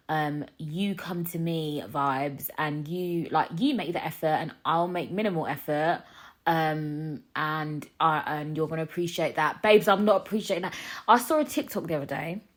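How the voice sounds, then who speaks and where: A woman, hosting a casual solo podcast and ranting in an animated, jokey way, swinging between loud and quiet. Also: deep voice. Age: 20s. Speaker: podcast host.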